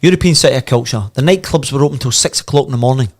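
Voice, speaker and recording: A man's voice: mid-range voice, very fast. A Glaswegian man in his fifties, guesting on a podcast, tells a long boisterous anecdote. He laughs through his own punchlines and swears freely, with a chatty storyteller's flow. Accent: Scottish, Glasgow. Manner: animated, laughs and swears freely while telling. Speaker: podcast guest, former footballer.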